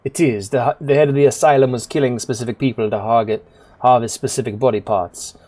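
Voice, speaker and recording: A man's voice: mid-range voice, fairly even intonation, brisk, warm tone, lightly acted. A man reading the lines of a hardened woman shadowrunner in a blunt, clipped way, close to his own voice. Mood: terse.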